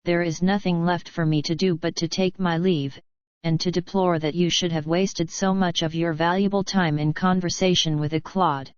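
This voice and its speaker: A woman voicing a suave, cynical middle-aged male general who speaks smoothly and with false courtesy. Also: on the low side, fairly even intonation, normal speed, no echo, lo-fi sound, close to an everyday voice.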